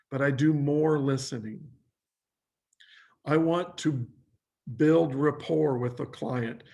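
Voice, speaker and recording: Husky guy teaching a training video, kinda high voice, fires off lists of short questions. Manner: acts out quoted lines. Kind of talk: training lecture.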